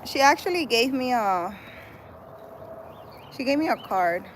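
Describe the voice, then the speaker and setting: A woman's voice: on the high side, animated, measured pace, slight background noise, rough recording. A woman chatting casually on a live stream while walking, rambling with lots of "like" and "I don't know". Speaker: vlogger reading live chat. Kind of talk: casual chat on a live walk. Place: outdoors in a city park.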